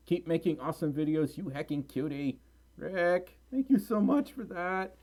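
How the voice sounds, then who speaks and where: A man's voice: on the high side, lively intonation, a little slow, darkish tone. A man from Mississippi hosting a casual livestream, reading chat aloud, tired and rambling with frequent laughs. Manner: chatty, giggly, tired and rambling. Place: home room.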